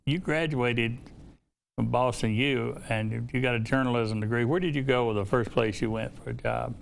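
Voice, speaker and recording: An older Southern man hosts a relaxed interview, his voice gravelly and his stories wandering with many restarts. He sits at a middle pitch, and a faint hiss runs under the recording. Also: normal speed. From Alabama. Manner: rambling, hesitant storyteller. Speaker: host. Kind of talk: casual interview chat.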